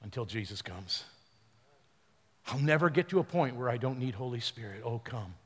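A man's voice: mid-range voice, lively intonation, normal speed, fairly bright tone, slightly rough, long reverb tail. A man preaching as pastor, retelling a story with quoted voices and leading the congregation in declarations. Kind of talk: sermon. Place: large church hall.

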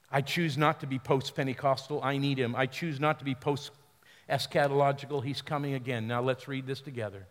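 Pastor preaching in a reverberant hall. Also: male voice, mid-range voice. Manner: retells a story with quoted voices, then leads the congregation in loud declarations. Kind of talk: sermon. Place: large church hall.

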